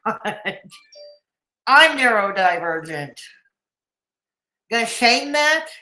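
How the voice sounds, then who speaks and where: A woman's voice: fairly high pitch, big pitch swings, drawn-out words, sharp tone. A woman streaming live, reacting to a video with sarcastic commentary, laughing often and chatting with her viewers. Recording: roomy echoey room.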